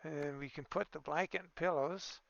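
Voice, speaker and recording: A man with a heavily gravelly voice talks through a truck-building game in an easygoing, off-the-cuff way, thinking aloud as he goes. The sound is dry and a little dull, recorded close on a desk microphone. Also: a little high, normal speed, a bit bright, dry recording. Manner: easygoing, thinking aloud with fillers and small exclamations. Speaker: gaming video creator. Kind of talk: casual gameplay commentary.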